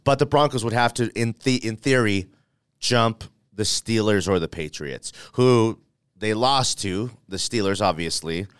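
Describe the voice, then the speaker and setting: A man hosting a sports talk show, playful and animated as he works through playoff scenarios out loud. His voice is smooth and resonant. The sound is dry and close to the mic. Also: on the low side, a little slow, no room sound. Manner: animated, playful, thinks aloud with restarts. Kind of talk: casual sports debate.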